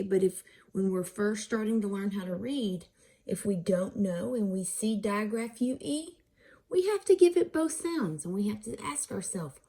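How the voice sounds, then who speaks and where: This reading teacher is a woman whose mid-range voice is mellow with a breathy edge. She patiently walks through how to code words in a phonics lesson, asking questions before supplying the answers herself and slowly sounding out syllables.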